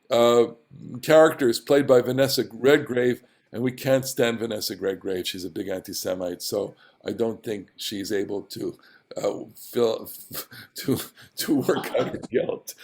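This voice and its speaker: A man's voice: medium pitch, a little mellow. A man teaching a Bible class, passionate and opinionated. He often stumbles over his words and restarts.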